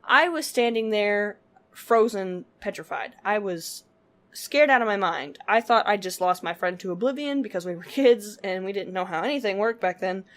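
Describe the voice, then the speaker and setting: A woman's voice: medium pitch, moderate pace, fairly bright tone. A woman vlogging to her viewers, telling a story casually with lots of filler words and frequent laughter. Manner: chatty, laughs often, full of "like" fillers.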